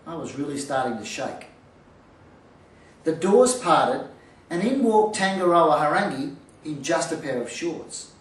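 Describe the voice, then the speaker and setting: A man telling a comic story of his boxing days, lively and self-mocking, with punchline timing. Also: on the high side, measured pace, long pauses. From Australia. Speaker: storyteller, former boxer. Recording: roomy hall, from far off.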